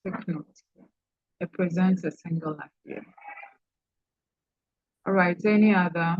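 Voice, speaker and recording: A woman's voice: fairly low pitch, takes it slowly, a little mellow, no echo, muffled recording. A woman lecturer teaching an online class, calling on students and repeating key points to stress them.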